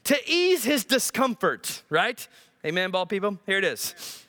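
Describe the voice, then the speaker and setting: A male pastor preaching a sermon in an animated, joking way, often asking the congregation questions. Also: high-pitched, a little slow.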